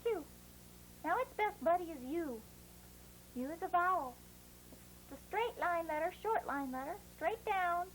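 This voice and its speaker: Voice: very high voice, animated, measured pace, long pauses, a bit bright, slight background noise, full character voice, poor audio. A performer voicing a cheerful puppet boy who teaches children to write letters in a bouncy, encouraging, sing-song way. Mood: cheery. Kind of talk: playful kids' lesson.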